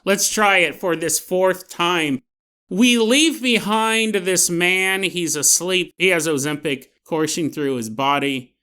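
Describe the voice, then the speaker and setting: A man's voice: high-pitched, takes it slowly, bright, forceful tone, clear, resonant tone. A man hosting a podcast, telling a comic story in a playful, giggly, jokey way. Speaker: podcast host.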